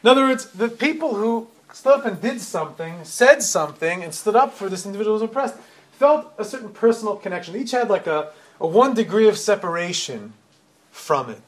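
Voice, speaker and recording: High-voiced man telling a story to his community. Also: fairly quick. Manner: animated retelling with frequent restarts and repeated words. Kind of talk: storytelling sermon.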